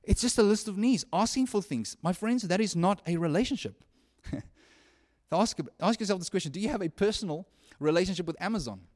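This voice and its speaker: A man delivers a sermon in an earnest, conversational way, his voice sitting high for a man. He drops to hushed lines and then rises to loud ones, often restarting his phrases as he goes. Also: lively intonation, brisk. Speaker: preacher.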